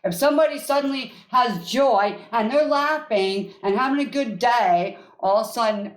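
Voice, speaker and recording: A woman's voice: on the high side, moderate pace, few pauses, reverberant. A woman hosting a live coaching call as an energy healer, emphatic, repeating affirmations in a chanting rhythm.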